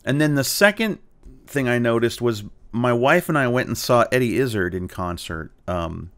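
A man, a cartoonist being interviewed, telling anecdotes in a relaxed, animated way, with frequent fillers and restarts. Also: medium pitch, moderate pace. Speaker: guest, cartoonist and tabletop game player. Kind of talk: casual storytelling interview.

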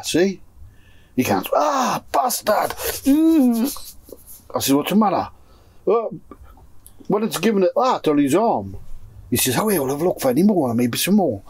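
On the high side and darkish, with a little hiss or hum, this Geordie man's very animated voice moves at normal speed with frequent pauses. A pigeon fancier from North East England, he tells his friends a long story in the loft, swearing constantly and acting out what everyone said.

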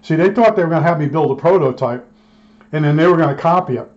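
Fast-talking and slightly high-voiced, a man rambles casually through a long tale from his electronics technician days. He acts out both halves of old arguments. Sound quality is dull and lo-fi.

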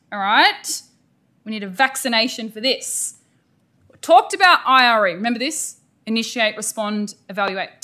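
A middle-aged Australian woman gives an energetic, emphatic professional development lecture to teachers. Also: a little high. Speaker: teacher educator presenting a workshop.

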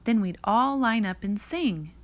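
A woman reading a children's picture book aloud in a slow, expressive read-aloud manner. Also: a little high. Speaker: reader.

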